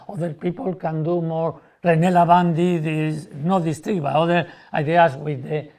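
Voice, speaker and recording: Animated man explaining a magic trick. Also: fairly high pitch, moderate pace, vocal fry, few pauses. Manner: animated, broken English, acts out spectators' reactions.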